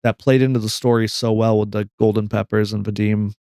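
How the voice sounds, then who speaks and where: A man's voice: on the low side, little pitch movement, brisk, mellow, clean tone, no room sound, studio quality. A man in a casual chat, enthusiastic and swearing casually.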